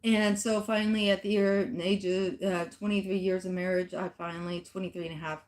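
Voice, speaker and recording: Speaking fairly quickly in a level, mid-range tone, the middle-aged fitness vlogger shares a personal story casually. She's emphatic and addresses her viewers directly.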